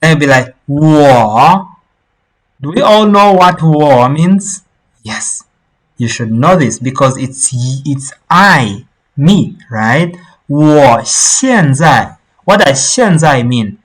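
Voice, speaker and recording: Slow, patient teacher. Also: mid-range voice, lively intonation, poor audio. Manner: explains slowly, repeats words for learners. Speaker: Mandarin teacher. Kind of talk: online language lesson.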